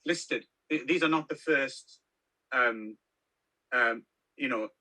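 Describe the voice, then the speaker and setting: A man's voice: mid-range voice, takes it slowly, pushed and bright. A man co-hosting a casual film review podcast, rambling with lots of ums and restarts. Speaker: podcast co-host.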